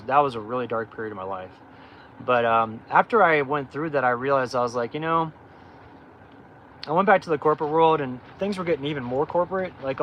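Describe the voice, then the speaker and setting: A man's voice: medium pitch, a bit bright, dull audio, a little hiss or hum. Middle-aged man telling candid rambling stories. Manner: rambling, candid, many fillers and restarts. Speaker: off-grid channel host. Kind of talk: casual livestream storytelling.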